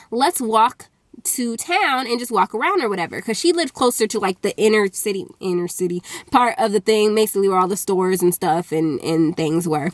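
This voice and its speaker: A young adult woman telling a personal story in a casual, animated storytime vlog, full of fillers. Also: mid-range voice, no echo. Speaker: YouTuber.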